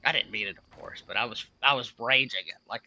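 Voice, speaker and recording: A man's voice: medium pitch, brisk, vocal fry, pushed and bright. A young man streaming a game and chatting casually, telling a long story in an emphatic, profane way. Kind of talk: casual rambling chat.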